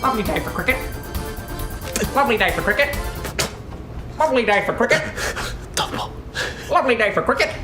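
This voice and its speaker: A man's voice: very high-pitched, lively intonation, brisk, long pauses, reverberant, over music, voice pushed up. A man voicing a cricket commentator who repeats a sing-song phrase.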